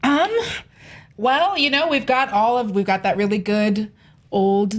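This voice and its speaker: A woman's voice: medium pitch, measured pace. A woman guest on a news panel, speaking hesitantly with fillers in a casual discussion.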